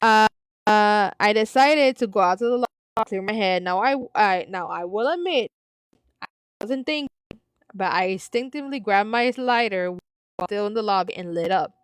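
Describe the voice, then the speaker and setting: A woman's voice: mid-range voice, normal speed, clean tone, no room sound, clean studio sound. A woman reading a story aloud and rambling into side comments, with many restarts and the odd Spanish exclamation. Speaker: story reader.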